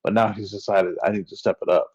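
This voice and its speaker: A man's voice: sits low, fairly even intonation, fast, darkish tone, husky, dry recording, muffled recording. A laid-back man co-hosting a casual movie chat, swearing freely. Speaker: podcast co-host.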